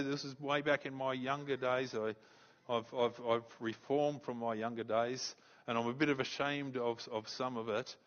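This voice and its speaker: Aussie pastor telling a story in a sermon, animated, kinda muffled recording. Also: male voice, mid-range voice. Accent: Australian. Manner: storytelling, animated, repeats words when excited. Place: church.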